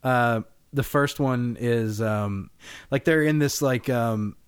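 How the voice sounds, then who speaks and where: A man's voice: mid-range voice, slow pace, smooth. A podcast co-host in casual film discussion, rambling and swearing as he acts out scenes. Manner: rambling, profane, animated retellings of scenes.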